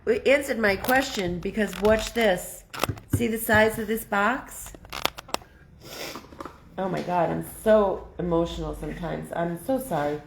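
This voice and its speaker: A woman hosting a casual live craft stream, chatty and excitable, thinking out loud as she works. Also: medium pitch, measured pace, creaky, reverberant, background noise. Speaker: craft livestream host.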